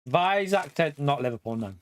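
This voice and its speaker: A man's voice: fairly high pitch, lively intonation, normal speed. A middle-aged man from England chatting casually on a live stream through a headset, laughing often between remarks. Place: home.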